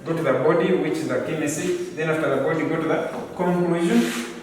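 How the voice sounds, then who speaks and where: A man's voice: a little high, brisk, a little mellow, slight background noise. A man teaching a class, stressing and repeating key points, recorded from a distance. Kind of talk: classroom lesson. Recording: echoey room from far off.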